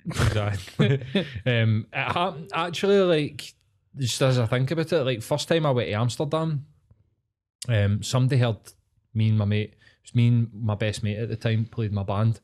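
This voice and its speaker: A Scottish man with a Glaswegian accent, talking on a podcast in loose, sweary chat. He rattles through stories and jumps into quick voices for the people in them. His pitch sits in the middle for a man. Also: darkish tone. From Scotland. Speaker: podcast co-host. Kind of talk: casual chat.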